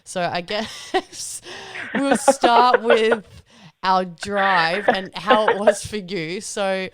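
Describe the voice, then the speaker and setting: A woman's voice: medium pitch, extremely slow. A young woman hosting a podcast, telling a story in casual chat with lots of laughs and swearing. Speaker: podcast host.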